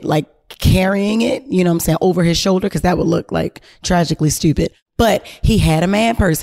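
A woman hosting a podcast, telling a story in a casual, animated way, full of slang and swearing and talking straight to her listeners. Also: on the low side. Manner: animated, slangy and profane, addressing listeners directly. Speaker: podcast host.

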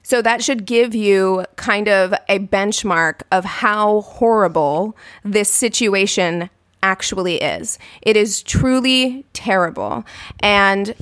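A woman co-hosting a podcast, speaking in an earnest, measured way. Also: medium pitch, animated, a bit bright, no room sound, clean studio sound. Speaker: podcast co-host. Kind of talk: casual podcast discussion.

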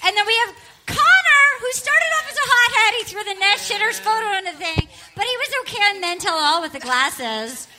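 Giggly high-voiced woman host. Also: a little fast. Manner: giggly, gossipy, excitable. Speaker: podcast host. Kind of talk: casual chat.

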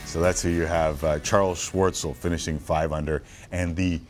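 A man runs through golf highlights as a show host, cracking quick jokes between shots. His voice sits a little low. Music plays softly underneath. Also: level tone. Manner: jokey, quick asides over golf highlights. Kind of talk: casual highlights commentary with banter.

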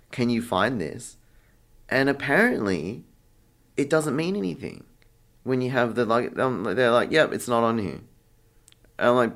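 Being interviewed, a young male artist from Australia tells a story casually, acting out its exchanges and using plenty of fillers. He has a medium-pitched, fairly bright voice.

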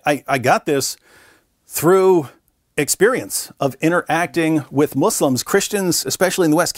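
Animated man telling debate stories. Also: fairly high pitch, dry recording, clean studio sound. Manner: animated, acts out quoted voices, repeats words when starting sentences. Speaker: interview guest, debater. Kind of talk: conversational storytelling. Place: conference venue.

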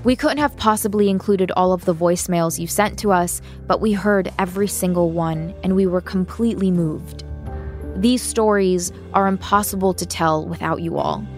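A woman host reads a sincere, measured thank-you to her podcast's listeners. Faint music plays under her words. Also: fairly low pitch. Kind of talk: scripted podcast outro.

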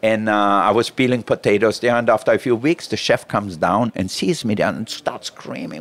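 A man's voice: on the low side, normal speed, creaky, hardly any pauses, a little hiss or hum. A middle-aged man, a chef, telling stories in an interview and acting out the lines he quotes. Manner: animated storyteller who acts out quoted lines. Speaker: chef and guest. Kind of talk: storytelling interview.

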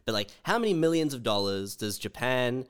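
A man's voice: mid-range voice, lively intonation, a little fast, fairly bright tone, smooth. A man co-hosting a casual comedy podcast, laughing often and arguing playfully. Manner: laughing, argumentative banter. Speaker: podcast co-host.

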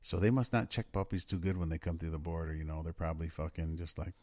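A deep-voiced man talks fast in a slightly mellow tone while co-hosting a podcast about news stories, laughing and swearing often. The recording is dry.

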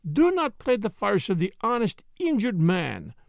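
A self-assured Belgian sleuth with a French accent, put on by a man reading an audiobook. He pokes with precise, needling questions, his pitch lifting high and swinging widely, over a gravelly edge in a dry, close sound. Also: huge pitch swings, unhurried, no room sound, heavily acted. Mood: probing. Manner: precise, needling questions with sudden sharp jabs. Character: shrewd middle-aged Belgian detective, probing and self-assured. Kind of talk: audiobook character voice.

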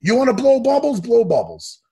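Gravelly, high-voiced ranting man. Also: wildly swooping pitch, moderate pace, mellow. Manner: profane, heated ranting. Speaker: MMA coach and podcast regular. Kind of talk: casual chat.

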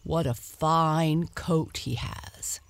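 A woman's voice: low voice, very slow, no room sound, heavily acted. A woman voicing a cheerful old male fisherman in a storybook tale, hearty and pleased.

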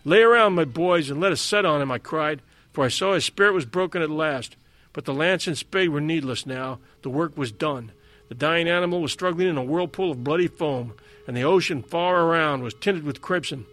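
A man reading a dramatic sea adventure aloud as a narrator, in a measured way. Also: on the high side, fairly bright tone, dry recording, soft background music. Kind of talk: scripted story narration.

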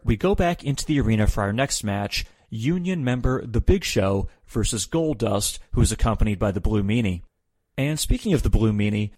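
A man's voice: lowish voice, a little mellow, no echo. A man hosting a podcast, recapping old wrestling shows from a script with sardonic, opinionated asides. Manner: sardonic, dry sarcasm.

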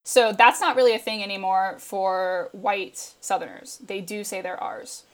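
A woman's voice: medium pitch, steady tone, measured pace. A woman speaking as a guest commentator in casual chat, chatty and full of fillers and laughs.

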